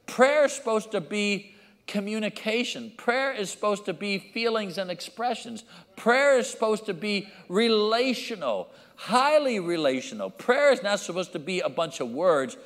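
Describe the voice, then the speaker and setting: A man preaching a sermon as pastor, acting out his children and church members with lively changes of voice. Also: sits high, a little slow, in a large hall.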